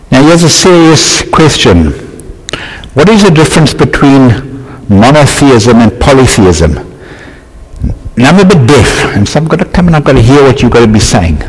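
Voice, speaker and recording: Preacher in a reverberant hall. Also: male voice, mid-range voice, breathy edge. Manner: reads scripture aloud, then banters and quizzes listeners. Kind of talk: sermon with Bible reading and questions to the congregation.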